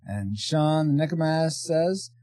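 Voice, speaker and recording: A man's voice: fairly high pitch, lively intonation, slow pace, warm tone, dry recording, studio quality. A man co-hosting a retro game podcast in casual chat, exclaiming often. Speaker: podcast co-host.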